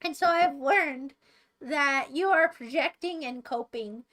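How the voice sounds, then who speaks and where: A woman's voice: high-pitched, slow, fairly bright tone. A young American woman streaming, chatting casually and playfully taunting her chat with mock boasts. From United States. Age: young adult.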